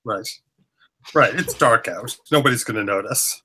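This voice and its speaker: A man playing a tabletop game, stammering and halting as he talks. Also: mid-range voice, pushed and bright, breathy edge. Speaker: player. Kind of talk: casual tabletop play.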